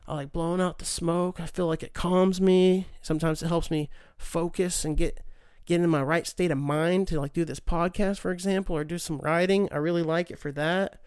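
A man's voice: a little high, fairly even intonation, normal speed, hardly any pauses, darkish tone, clear, resonant tone, no room sound, studio quality. A young man hosting a podcast, ranting casually with lots of swearing and sarcastic mock voices. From United States. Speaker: podcast host. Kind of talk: casual solo rant.

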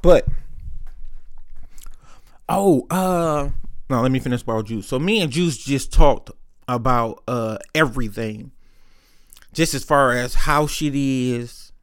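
A man's voice: mid-range voice, fairly bright tone. A young man hosting a podcast, telling candid, rambling stories in casual chat, full of profanity. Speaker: podcast host. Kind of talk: casual storytelling.

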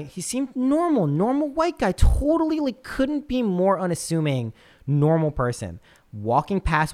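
Profane, animated American man telling stories. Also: medium pitch. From United States. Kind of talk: casual chat.

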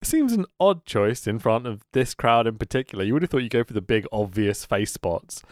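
A man's voice: mid-range voice, animated, a little fast, dry recording. A man co-hosting a casual wrestling podcast, laughing often and telling stories with lots of expression. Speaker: podcast co-host. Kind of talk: casual chat reviewing wrestling.

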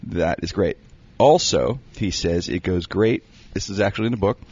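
A man's voice: low voice, normal speed, darkish tone, breathy edge. A man rambling through a comic recipe bit, joking and breaking into laughter. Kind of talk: comedic banter, reading a recipe aloud. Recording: dull lo-fi recording.

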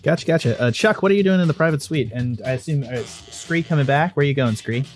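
A man narrating a tabletop game as dungeon master, in a relaxed way with many pauses and fillers. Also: fairly high pitch, faint music behind.

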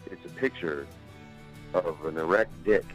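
Low-voiced man telling a story. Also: a little slow, loud music behind the voice, poor audio. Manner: animated storyteller, breaks into laughter; swears casually. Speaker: guest. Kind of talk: storytelling in casual chat.

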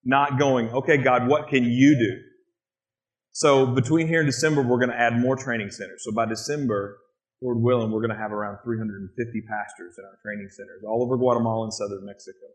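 A man with a voice of ordinary pitch speaks earnestly about his missionary work. He tells animated stories to an interviewer, building up his points as he goes. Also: fairly quick, rough recording.

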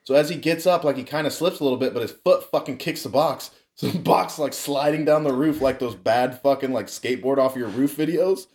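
A man's voice: medium pitch, fairly quick, few pauses, a little mellow. A young man telling a wild childhood story in casual, profane chat, laughing often.

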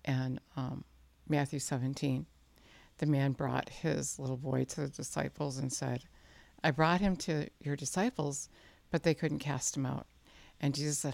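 A woman's voice: steady tone, measured pace, vocal fry, darkish tone, no room sound. A woman preaching an earnest sermon, acting out quoted lines with a rising voice and sometimes dropping to a near whisper for emphasis. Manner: earnest, acts out quoted speech with rising pitch.

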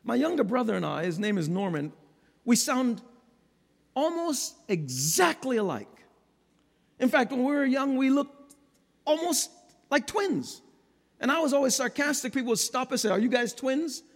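High-voiced gravelly preacher in a hall. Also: male voice, very animated, moderate pace, pauses often. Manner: dynamic preaching that swings from low to loud. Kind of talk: sermon. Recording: long hall reverb.

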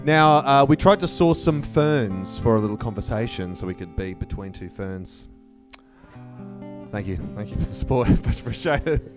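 A man's voice: mid-range voice, expressive, over loud music. Dry-humored male interviewer. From Australia. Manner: dry, self-deprecating humor, quick questions. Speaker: interviewer, host. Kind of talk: casual interview.

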